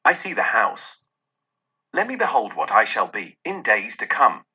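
A man voicing an anxious old miser in a read-aloud storybook, speaking urgently and solemnly. His voice is bright and slightly husky, and the recording is dull and muffled. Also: on the low side, very animated, measured pace, exaggerated voice.

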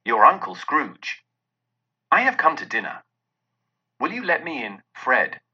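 An excitable old miser, newly generous and eager, as a man reads him. The voice is husky with a bright, keen edge and bounces through a wide pitch range. The recording sounds dull and lo-fi. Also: a little slow, full character voice.

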